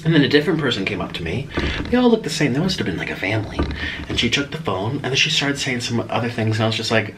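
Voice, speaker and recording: A man's voice: medium pitch, expressive, fast talker, fairly bright tone, a little hiss or hum, poor audio. A man telling a story in a casual vlog while eating noodles at home at night. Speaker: vlogger.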